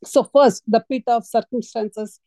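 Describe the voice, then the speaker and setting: Earnest woman preaching, warm and dry. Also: fairly high pitch, fairly even intonation, a little slow, dry recording, rough recording. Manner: storytelling, earnest and emphatic. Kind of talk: sermon.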